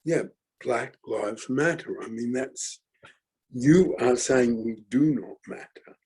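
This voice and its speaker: A middle-aged man with a gravelly, husky voice gives a reflective forum talk. He speaks slowly and haltingly, pausing for fillers and restarting his sentences as he works through his thoughts. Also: mid-range voice, darkish tone, poor audio. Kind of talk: reflective talk, thinking aloud.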